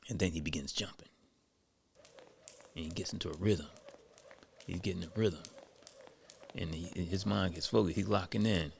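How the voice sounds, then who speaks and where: A man's voice: low voice, gravelly, slightly rough. A man telling a story in a loose, conversational way, full of asides. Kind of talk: casual spoken storytelling.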